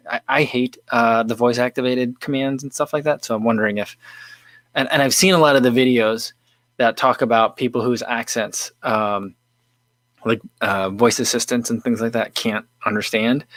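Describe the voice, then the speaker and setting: A man's voice: medium pitch, fairly bright tone, no room sound. Easygoing man hosting a casual livestream. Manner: easygoing, rambling with many fillers and restarts. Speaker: livestream host. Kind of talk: casual livestream chat, tasting beer and reading comments.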